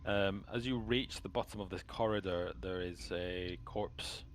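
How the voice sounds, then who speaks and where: A man who narrates a tabletop game as game master on a live stream, in a halting way with many fillers. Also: low voice, steady tone, slight background noise.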